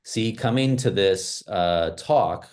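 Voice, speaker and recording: A man with a very low, deep voice gives a motivational talk over a video call. He speaks in an animated, emphatic way, leaning on casual fillers as he goes. He grew up in small-town America. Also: takes it slowly. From small-town United States.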